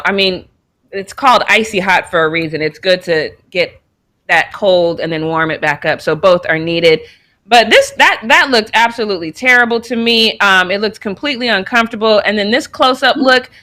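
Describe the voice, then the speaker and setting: A young woman from Colorado co-hosting a casual sports chat show, animated and quick to laugh, sometimes stumbling over names. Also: mid-range voice. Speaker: co-host.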